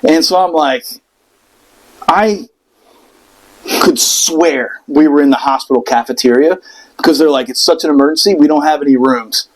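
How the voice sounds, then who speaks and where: A man telling a personal story in casual podcast chat, animated and profane, acting out the people in it. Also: a little high, normal speed, long pauses, low-quality recording. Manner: animated, profane, acts out voices in quotes.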